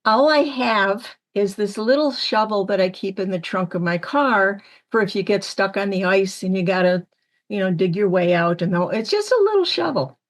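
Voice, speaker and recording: Woman storyteller from upstate New York, lively with the quoted voices. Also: medium pitch, normal speed. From Syracuse, New York area. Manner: animated storyteller acting out quoted lines. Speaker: medium, panel guest. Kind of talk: storytelling on a panel podcast.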